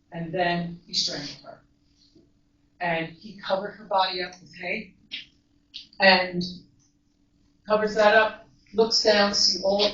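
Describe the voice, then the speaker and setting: A woman, a mental health counselor, giving an earnest, measured storytelling talk to a live audience. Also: fairly low pitch, fairly bright tone. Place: large echoey event room. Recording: echoey, distant, dull live recording.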